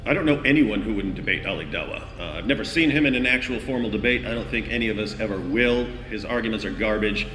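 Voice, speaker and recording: A man's voice: fairly low pitch, quick pace, few pauses, a bit bright, reverberant, big-room sound. A man answering a question bluntly, dismissive and sarcastic.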